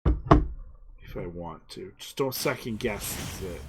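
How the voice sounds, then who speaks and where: Bright-voiced, profane young man streaming. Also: mid-range voice, very animated, a little slow, a little hiss or hum. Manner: rambling, profane, self-deprecating; playing up a put-on voice. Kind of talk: casual gaming stream commentary.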